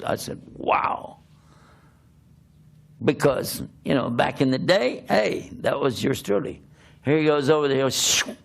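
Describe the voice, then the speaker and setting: An older man, a preacher, telling a humorous personal story in an animated, self-mocking way, often laughing as he talks. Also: medium pitch, gravelly.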